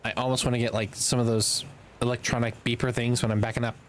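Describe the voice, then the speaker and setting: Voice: mid-range voice, little pitch movement, quick pace, a little hiss or hum. A live streamer talking through a game in casual commentary, rambling to themselves and breaking into sudden exasperated outbursts. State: throat slightly tickled.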